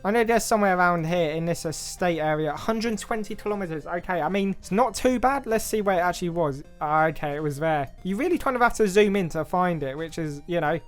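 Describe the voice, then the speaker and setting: A young man with an English accent giving casual, self-mocking game commentary, thinking aloud and second-guessing himself as he plays. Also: high-pitched. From England. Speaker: gaming YouTuber.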